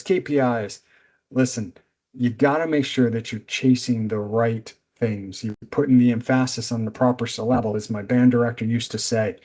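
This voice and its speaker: A middle-aged man presenting a business seminar as a coach, speaking in a direct, energetic, instructive way. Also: medium pitch.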